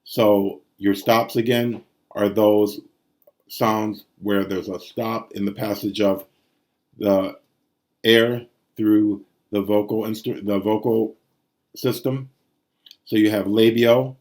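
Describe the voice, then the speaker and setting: A man's voice: on the low side, fairly even intonation, slow, long pauses, a little mellow. A man teaching ancient Greek prosody in a recorded lesson, sounding out syllables and rhythms aloud.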